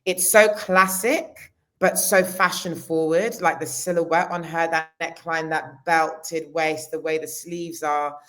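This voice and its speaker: A woman's voice: low voice, fairly even intonation, takes it slowly, fairly bright tone. A woman, a costume designer talking casually in an interview, with many restarts. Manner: chatty, many restarts and fillers.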